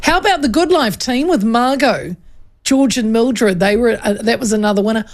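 A woman's voice: on the high side, normal speed. A woman, co-hosting a radio show in casual chat, reading out listener texts and reminiscing with a laugh.

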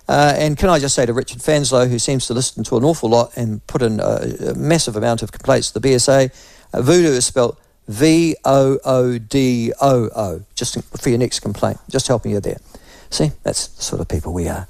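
A man's voice: mid-range voice, normal speed, gravelly, a little mellow, dry recording. A man hosting talk radio, delivering a sardonic, rambling opinion monologue full of fillers and asides.

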